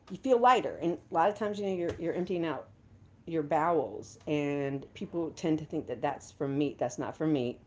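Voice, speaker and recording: Chatty woman livestreaming, lively pitch. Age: 50s. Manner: chatty, greets viewers with bursts of excitement. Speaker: livestream host. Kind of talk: casual livestream chat.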